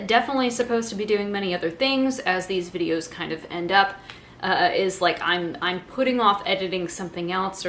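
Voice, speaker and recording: A woman's voice: fairly low pitch, fairly bright tone, a little hiss or hum. Chatty woman in an echoey living room. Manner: chatty, rambling, self-mocking. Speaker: vlogger. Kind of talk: casual chat. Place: living room floor at home. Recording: echoey room with faint ambience.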